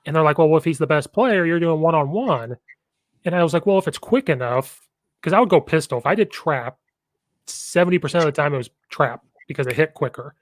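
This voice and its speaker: A man's voice: a little high, a little fast, no room sound. A man hosting a podcast and chatting casually about coaching football, telling rambling stories with a lot of enthusiasm.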